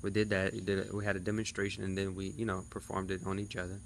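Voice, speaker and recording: A man's voice: sits low, completely flat delivery, quick pace, gravelly, slight background noise. A man in his thirties chatting casually to his viewers in a vlog recap. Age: 30s. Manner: chatty, talks straight to viewers. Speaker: vlogger.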